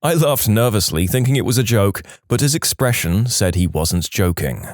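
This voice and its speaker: Lively male reddit story narrator. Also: on the low side, moderate pace, dry recording, studio quality. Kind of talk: reading reddit stories aloud.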